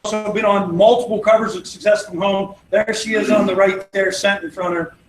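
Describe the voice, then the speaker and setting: High-voiced man giving a sales training talk. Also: fairly even intonation, brisk. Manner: acts out dialogue in anecdotes, confident and persuasive. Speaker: network marketing trainer. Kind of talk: motivational training talk with storytelling. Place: event venue. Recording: echoey room with faint noise.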